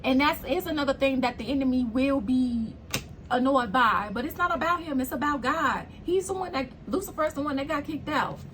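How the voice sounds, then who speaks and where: A woman with a high-pitched voice gives a casual spiritual tarot reading. She is blunt and preachy and swears freely. A faint hiss sits under the recording. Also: lively intonation, a little fast. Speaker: tarot reader.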